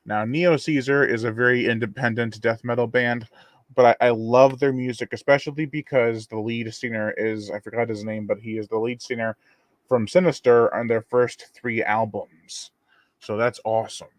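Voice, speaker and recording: A man's voice: mid-range voice, moderate pace, dry recording. Male host, easygoing rambling live-stream chat, dry close sound. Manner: rambling and relaxed, reads viewer comments aloud. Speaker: channel host.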